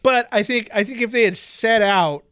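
A man's voice: high voice, normal speed, fairly bright tone, clear, resonant tone. A young man co-hosting a podcast in casual chat, laid-back and jokey, laughing often. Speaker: podcast co-host.

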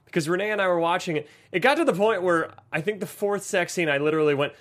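A man's voice: high voice, fast talker. A man co-hosting a podcast, chatting casually and joking around, with plenty of fillers. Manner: animated, jokey, lots of fillers. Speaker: podcast co-host. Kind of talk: casual chat.

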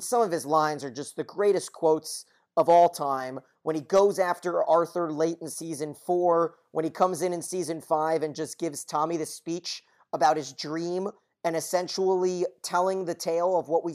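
A man co-hosting a podcast, recapping plot details quickly and casually, sometimes swearing. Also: on the high side. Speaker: podcast co-host.

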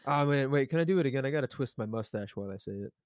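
A man's voice: medium pitch, expressive, rapid-fire, darkish tone, no echo, clean studio sound. A man co-hosting a podcast in casual chat, goofy and joking, often stumbling and restarting. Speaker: podcast co-host.

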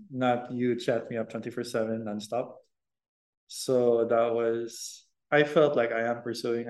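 A man's voice: mid-range voice, echoey room. A man co-hosting a podcast, talking earnestly about dating with frequent ums. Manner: earnest, hesitant with ums, laughs often. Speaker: podcast co-host, boyfriend of host. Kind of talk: casual relationship chat.

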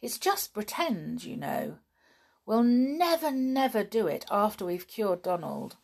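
A woman's voice: medium pitch, sing-song, a little slow, creaky, voice pushed up, exaggerated voice. A woman voicing a young boy who patiently explains and reassures his friends. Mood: reassuring. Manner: earnest, explaining.

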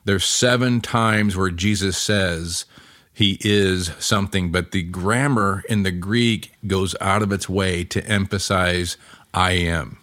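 A man teaching on a Bible passage for his podcast, earnest and unhurried, often restarting his sentences. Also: low voice, fairly even intonation, fairly bright tone, no room sound, studio quality. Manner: slow, earnest, with many restarts and pauses.

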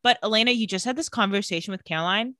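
A woman with a bright, forceful voice retells a TV episode in casual chat. She is animated and slips into the characters' lines as she goes. The recording is dry and close, with no room sound. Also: medium pitch, rapid-fire, dry recording.

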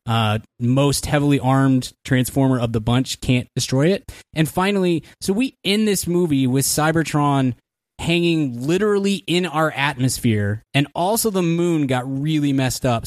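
A man's voice: medium pitch, no room sound, studio quality. Sarcastic man ranting about a movie. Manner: sarcastic, rapid-fire complaints. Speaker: podcast co-host. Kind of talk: casual movie review chat.

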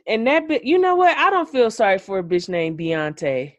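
A woman podcast host talks through a show recap in casual chat. Her delivery is blunt, profane and opinionated. Her voice sits in a middle pitch, and the recording is dry and close. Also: very animated, normal speed, no echo.

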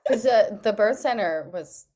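A woman hosting a casual chat, supportive and quick to react with "oh my gosh" while asking questions. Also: mid-range voice, lively intonation, darkish tone. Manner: supportive, frequent "oh my gosh" and "mm-hmm". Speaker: podcast host asking about the birth.

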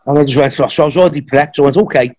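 Man telling animated stories. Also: fairly high pitch, rapid-fire. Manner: animated anecdotes, acts out others' lines. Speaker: podcast guest, wrestler. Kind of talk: casual storytelling.

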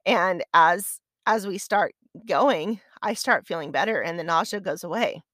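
A woman's voice: lowish voice, unhurried, fairly bright tone, no echo, studio quality. A woman hosting her own podcast, telling a personal story in a chatty, conversational, self-deprecating way. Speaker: podcast host. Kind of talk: casual storytelling.

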